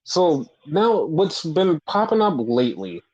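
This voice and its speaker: A man co-hosting a casual podcast, animated and profane, acting out quoted voices as he retells stories. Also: a little high, unhurried. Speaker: podcast co-host. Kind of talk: casual wrestling podcast chat. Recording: muffled lo-fi audio.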